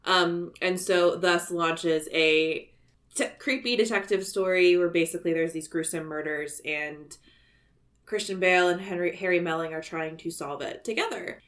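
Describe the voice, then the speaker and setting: A woman's voice: on the low side, normal speed, fairly bright tone. A woman in her thirties from Maryland with a Baltimore accent, co-hosting a podcast in casual, rambling chat full of restarts and fillers. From Maryland, USA. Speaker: podcast co-host.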